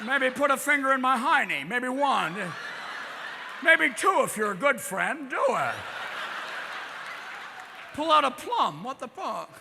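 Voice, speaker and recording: Man putting on a stammering drawl, shy leading man, slow, gravelly edges. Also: very high-pitched, big pitch swings, pitched above the performer's own voice, exaggerated voice. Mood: bashful. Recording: live hall reverb, crowd noise.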